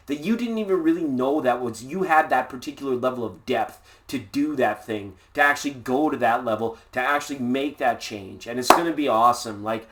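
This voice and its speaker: Male live-stream tarot reader, mid-pitched voice, easygoing, punning, rambles cheerfully. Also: a bit bright. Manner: playful, jokey, rambling with puns; laid-back and upbeat. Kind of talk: casual live tarot reading.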